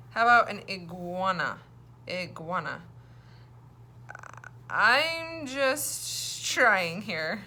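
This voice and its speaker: A young woman teaching a phonics lesson to young children, talking in a cheerful, self-deprecating way and stretching out words slowly for them to repeat. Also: medium pitch, bright, forceful tone, a little hiss or hum.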